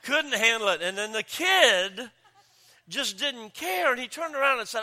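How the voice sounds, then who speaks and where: A man preaching a sermon as pastor, joking and telling stories with lively delivery. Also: very high voice, measured pace. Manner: joking, animated storytelling with voices. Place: church campus.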